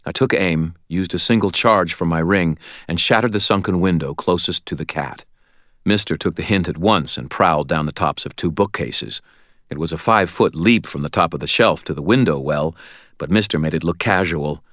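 A man narrating an audiobook in a wry, expressive storytelling manner. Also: deep voice, moderate pace, no echo, clean studio sound.

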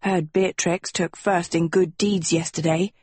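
A woman's voice: lowish voice, fairly even intonation, a little slow, a little mellow, slightly rough, no room sound. A woman voicing a stern, slangy schoolboy who teases his friend bluntly. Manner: blunt, mocking. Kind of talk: audiobook character voice.

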